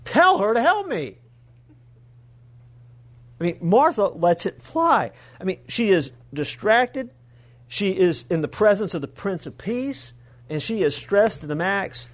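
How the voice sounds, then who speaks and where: A male pastor preaching a sermon, retelling a story in an animated way with humorous asides to the congregation. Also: sits high, measured pace.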